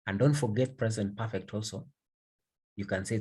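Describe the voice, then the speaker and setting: A male English teacher explains grammar in a husky, breathy voice. He repeats key phrases for emphasis and keeps asking whether his students are following. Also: lowish voice, fairly even intonation, normal speed, a little mellow. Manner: repetitive, emphatic, checks understanding. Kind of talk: grammar lesson.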